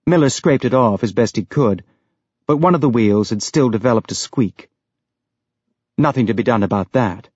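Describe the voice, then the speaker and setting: A man reading audiobook narration in a steady, even way, on a dry, dull lo-fi recording. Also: medium pitch, normal speed, husky, no room sound.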